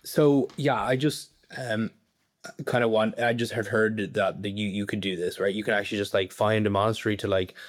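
A man's voice: fairly low pitch, fairly even intonation, normal speed. A young Irish man in his twenties, a podcast guest rambling in casual conversation with lots of filler words. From Ireland.

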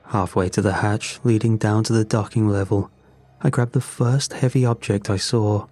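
A man narrating a first-person horror story in a measured, grim way. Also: on the low side, steady tone, warm tone, faint music behind.

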